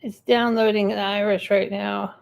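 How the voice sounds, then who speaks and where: A woman's voice: mid-range voice, little pitch movement, normal speed, vocal fry. A woman hosting a casual live-stream chat, rambling and answering viewer comments. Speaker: livestream host.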